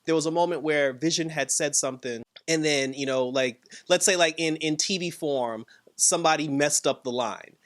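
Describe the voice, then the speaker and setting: A man's voice: moderate pace, fairly bright tone. A man casually reviewing a TV episode, laughing often and acting out characters' lines. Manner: laughing, filler-heavy, acts out quotes in a high voice. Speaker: show reviewer.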